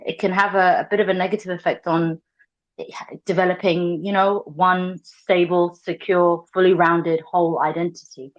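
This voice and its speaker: A woman with a London English accent speaks in a low voice. She talks as a guest caller in an audio chat room. Her thoughts come out in halting pieces, with restarts and fillers. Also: dull audio. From London, England. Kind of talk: casual chat.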